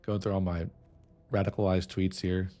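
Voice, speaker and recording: A man's voice: deep voice, flat delivery, moderate pace, dark tone, soft background music. A man from San Antonio, chatting casually on a livestream in a rambling, restless way, swearing freely. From San Antonio, Texas. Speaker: streamer. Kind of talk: casual stream chat.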